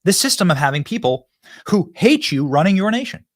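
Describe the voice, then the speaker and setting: A man's voice: high voice, very animated, a little fast, no echo, clean studio sound. A man hosting a political commentary show, talking to viewers in an emphatic, fired-up monologue that often repeats itself. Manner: emphatic, repeats himself, addresses viewers directly.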